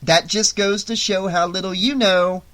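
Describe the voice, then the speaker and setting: A reader voicing a crude, teasing teenage girl in an audiobook, loud and shrill in quick bursts. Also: steady tone, close to an everyday voice. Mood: gossipy. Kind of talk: audiobook character voice.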